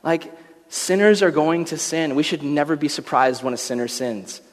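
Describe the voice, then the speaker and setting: A young man preaching a casual, animated sermon, telling stories and slipping into character voices. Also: on the high side, moderate pace. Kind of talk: casual sermon with acted-out scenes. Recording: long reverb.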